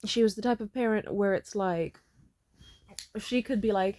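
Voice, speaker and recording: A woman in her twenties telling a story in a blunt, profane, animated way, as a vlogger. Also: medium pitch, moderate pace, long pauses, no echo. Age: 20s. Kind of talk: casual storytime monologue.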